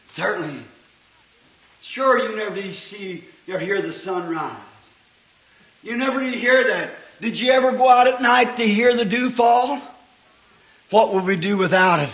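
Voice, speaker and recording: A man preaching a sermon at a church service, swinging from hushed, folksy talk to sudden impassioned shouts. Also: high voice, unhurried, pauses often. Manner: folksy, homespun phrasing. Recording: echoey old church sermon recording.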